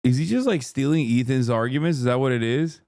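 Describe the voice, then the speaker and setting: A man's voice: mid-range voice, brisk, a little mellow, no room sound. A man livestreaming casual political commentary, ranting in a sarcastic, profane, heated way on a close mic.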